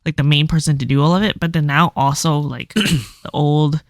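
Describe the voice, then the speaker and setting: A woman's voice: low-pitched, dry recording. Chatty young woman, dry close mic. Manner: fast, animated storytelling with lots of "like". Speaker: podcast co-host. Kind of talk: casual chat.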